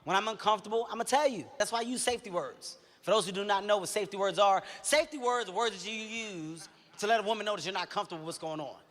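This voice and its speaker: Man, high voice, quick delivery, blunt and profane, long hall reverb. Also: fairly bright tone.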